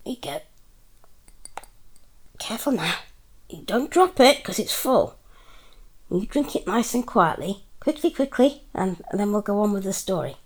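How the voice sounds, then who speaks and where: A woman's voice: mid-range voice, lively intonation, a little slow, pauses often. A woman playing a mother in a role-play, fussing and teasing in a motherly way.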